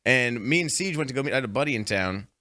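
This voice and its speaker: Comedy podcast co-host, man, bright animated storyteller, close dry studio mic. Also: medium pitch, quick pace, no room sound. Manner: profane, excitable, laughing storyteller. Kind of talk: casual banter, storytelling. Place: small recording studio. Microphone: studio microphone.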